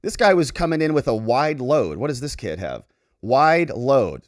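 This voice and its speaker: A man's voice: mid-range voice, a little fast, noisy background. A man hosting a casual commentary show, chatting and joking as he reacts to clips. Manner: animated, chatty, jokey asides. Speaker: lawyer commentator, host.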